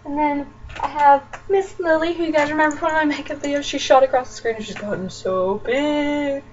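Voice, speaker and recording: A woman's voice: high-pitched, moderate pace. A young woman from Nebraska chatting casually as a book vlogger, talking in a chatty, ranting way with lots of fillers. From Nebraska, USA. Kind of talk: casual chat. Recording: distant dull webcam audio with faint noise.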